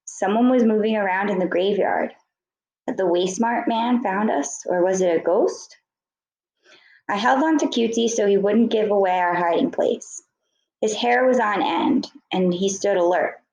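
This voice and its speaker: A woman's voice: mid-range voice, a little slow, darkish tone, roomy sound, poor audio. A woman teacher reading a book chapter aloud to students, correcting her slips and stopping to explain words.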